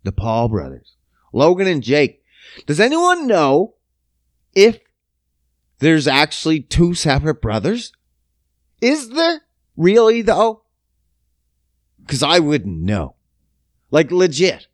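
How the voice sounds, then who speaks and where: Male podcast host, loose self-mocking comic rant, fairly high voice, dry close sound. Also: huge pitch swings, takes it slowly, pauses often, no room sound. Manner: rambling, profane, self-mocking. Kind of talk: casual comedic monologue.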